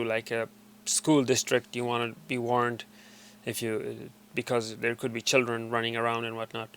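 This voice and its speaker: In a sharp-toned, smooth, mid-range voice, a tutorial presenter takes viewers through device settings one step at a time. His casual screen walkthrough is loose and hesitant, packed with fillers, and he often abandons sentences halfway to begin again.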